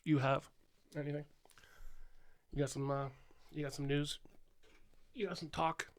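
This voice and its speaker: A man's voice: on the high side, fairly even intonation, a little slow. A man co-hosting a podcast, out of breath from being sick, chatting casually and explaining wrestling at length with a bit of swearing. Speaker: podcast co-host.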